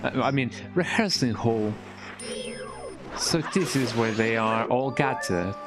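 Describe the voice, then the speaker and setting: A man's voice: mid-range voice, slow. Rambling, jokey streamer man. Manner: rambling, jokey, with tag-question "eh?". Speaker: game streamer. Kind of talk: casual live-stream commentary while playing. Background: game music.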